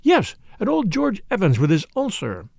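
A man voicing a brisk, gossipy middle-aged spinster sister who speaks in a complacent, self-important, knowing way. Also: high voice, huge pitch swings, gravelly, no room sound, clean studio sound, exaggerated voice. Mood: self-satisfied. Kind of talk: audiobook character voice.

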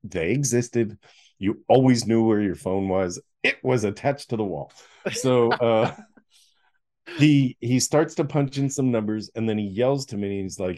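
A man's voice: medium pitch, measured pace, darkish tone. A middle-aged man, an author, is a guest in an interview, animatedly telling a personal story, acting out scenes and laughing often.

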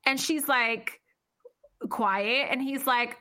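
A woman's voice: fairly high pitch, a little slow, pushed and bright. A woman co-hosting a podcast, telling a story in casual chat, blunt and full of profanity. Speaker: podcast co-host.

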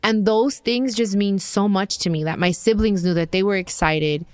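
A woman's voice: mid-range voice, moderate pace, smooth, no echo, clean studio sound. A woman in her thirties hosting a podcast, telling a personal story in a casual, chatty way with lots of fillers and quoted dialogue. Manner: chatty, lots of fillers and restarts, animated quoting. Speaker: podcast host.

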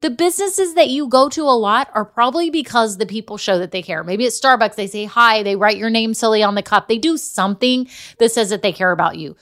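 A woman's voice: fairly high pitch, brisk, few pauses, fairly bright tone. Chatty woman coaching business owners. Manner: chatty storyteller, addresses listeners as y'all. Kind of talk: casual motivational talk.

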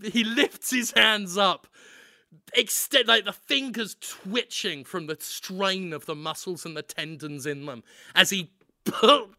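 A man telling a comic story on a podcast, animated and laughing as he goes. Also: high voice, takes it slowly, dry recording, studio quality. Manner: animated, laughing, acts out voices. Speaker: podcast co-host.

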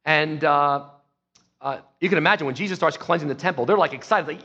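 Emphatic pastor preaching, muffled sound. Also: male voice, fairly high pitch, brisk, husky, in a large hall. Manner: emphatic storytelling, swings from soft to loud. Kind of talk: sermon. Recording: dull lo-fi sound.

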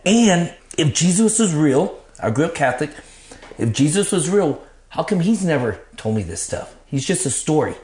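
This interviewee has a high, sing-song voice with a darkish tone and speaks at normal speed. Casual, blunt and profane, he tells his life story and plays out his old self-talk, with roomy echo around him.

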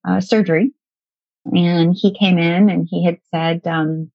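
Gravelly low-voiced middle-aged woman storyteller. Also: fairly even intonation, measured pace, no room sound. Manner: conversational, with frequent restarts and quoted dialogue. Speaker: guest sharing a personal story. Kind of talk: personal storytelling. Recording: dull lo-fi recording, dry.

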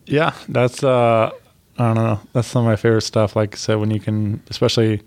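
A man hosting a casual chat, speaking in a laid-back, halting way with many fillers. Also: lowish voice, steady tone, a little mellow. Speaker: host.

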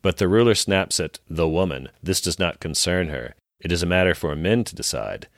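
Deep-voiced man narrating a recap. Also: expressive, normal speed, no room sound, studio quality. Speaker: podcast co-host recapping an episode.

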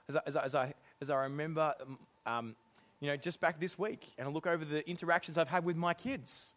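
A middle-aged man preaching a sermon, animated and often laughing as he acts out exasperated lines. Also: a little high, fairly quick.

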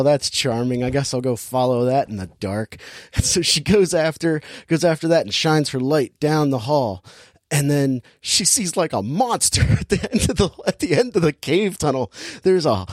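A man casually recaps a film plot in an animated voice, laughing often and jumping way up in pitch when he mimics the characters. His pitch sits in an ordinary middle range, and the recording is close and dry with no room sound. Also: dry recording. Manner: animated storytelling, acts out characters' lines with big pitch jumps; laughs often while talking. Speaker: podcast co-host recapping a movie. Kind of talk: casual chat.

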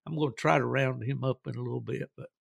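A man's voice: medium pitch, fairly even intonation, fast talker, creaky, breathy edge, no room sound, clean studio sound. A man hosting a podcast, telling rambling, folksy stories with frequent chuckles. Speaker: podcast host. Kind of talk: casual storytelling.

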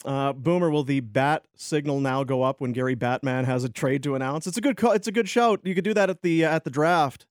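A man's voice: a little high, a little fast, few pauses, dry recording, clean studio sound. A man, co-hosting a sports radio show with casual, joking banter and reading listener messages. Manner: joking, reads listener texts.

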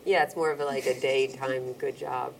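A middle-aged woman with a deep, low voice, chatting loosely as a guest. She rambles, stops to hunt for words, and slips into quoted voices. A faint noise runs under the recording. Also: steady tone, normal speed, gravelly. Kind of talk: casual interview chat.

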